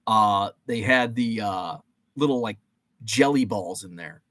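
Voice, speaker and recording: A man's voice: on the low side, animated, a little slow, a bit bright, no room sound. A man in his forties hosting a casual live-stream chat, rambling and joking with many fillers and restarts.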